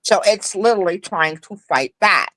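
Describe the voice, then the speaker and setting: A woman's voice: fairly low pitch, animated, moderate pace, bright, forceful tone, dry recording, poor audio. A woman guest on a live stream, chatting casually and emphatically, repeating her points.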